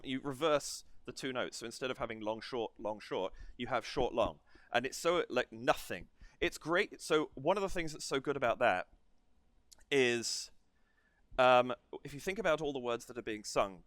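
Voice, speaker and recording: A man's voice: medium pitch, animated, normal speed, a bit bright, no room sound. A man hosting a reaction video, analysing a song's rhythm in a digressive way and counting and humming beats to explain it. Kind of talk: music analysis commentary.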